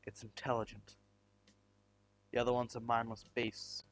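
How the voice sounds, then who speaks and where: A man narrating a fan-made story at an ordinary middle pitch. He rambles along with plenty of "um" and "well" and frequent restarts, over soft background music. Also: monotone, moderate pace. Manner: rambling, many fillers and restarts.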